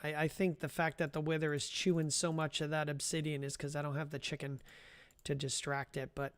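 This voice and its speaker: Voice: mid-range voice, flat delivery, fairly quick, clear, resonant tone, dry recording. A livestreamer giving casual live gameplay commentary, chatty and rambling, talking to chat viewers by name and often laughing. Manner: rambling with frequent restarts and self-amused laughs.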